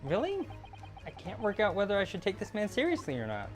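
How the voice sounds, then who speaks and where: A skeptical young male lawyer from a game, voiced by a gamer, questioning everything in a plain, doubtful tone. His pitch moves a lot, with faint music in the background. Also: wildly swooping pitch, fairly quick. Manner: dry, doubtful. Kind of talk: fan voice-over of a game.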